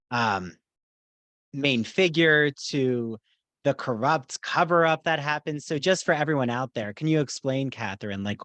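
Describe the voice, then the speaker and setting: A man's voice: mid-range voice, a bit bright, no echo. A man hosting a podcast interview, asking long questions with many fillers and hedges. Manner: rambling, hedging questions with fillers. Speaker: podcast host.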